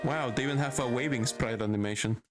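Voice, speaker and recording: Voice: mid-range voice, fast. A streamer chatting playfully while reading game text aloud during a livestream. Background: game music.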